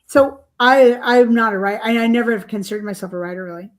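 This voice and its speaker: An older woman author talks fast in a voice on the high side while telling her story as a podcast guest. She's rambling and chatty, leaning on fillers and breaking into small laughs.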